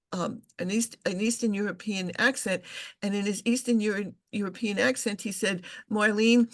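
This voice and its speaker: An older female English professor recalling her career in an interview over a video call, hesitant and full of restarts. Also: medium pitch. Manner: hesitant, with frequent restarts and fillers. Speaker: English professor and science fiction scholar. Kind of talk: interview, conversational recollection.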